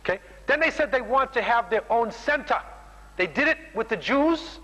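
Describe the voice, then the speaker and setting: A man's voice: extremely high pitch, lively intonation, normal speed, sharp tone, long reverb tail, lo-fi sound. A man preaching a sermon, emphatic, keeps ending lines with "man.". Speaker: Muslim preacher.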